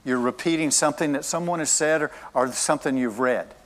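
A man's voice: fairly high pitch, a little fast, in a large hall. A male pastor preaching a sermon in a church service, emphatic and repeating his key phrases.

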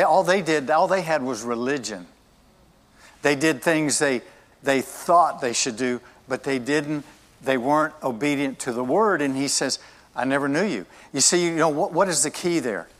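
A man's voice: a little high, a bit bright, in a large hall. A male pastor preaching a sermon in a church service, emphatic and repeating his key phrases.

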